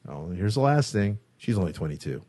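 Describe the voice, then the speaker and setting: Low-voiced man telling a story, swearing freely. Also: fast. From San Francisco Bay Area. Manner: animated storyteller, acts out quotes, swears freely. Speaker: guest guitarist. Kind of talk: casual storytelling interview. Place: studio.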